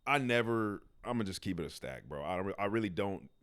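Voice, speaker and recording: A man guest on a conversation podcast, a musician talking casually in relaxed slang and often calling his friends "bro". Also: fairly low pitch, fairly quick.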